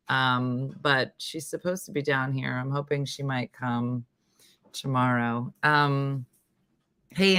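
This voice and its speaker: A woman from New Jersey with a Jersey accent hosts a casual live morning stream. Her voice is a bit hoarse, and she rambles chattily and laughs at herself. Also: fairly low pitch, sharp tone, no room sound. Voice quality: slightly hoarse, husky. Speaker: morning show host.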